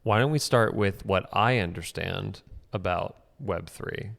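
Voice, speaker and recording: A man's voice: low-pitched, unhurried, vocal fry, fairly bright tone, in a large hall. A young man co-hosting a podcast in casual chat, joking and self-mocking, often restarting his sentences. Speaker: podcast co-host.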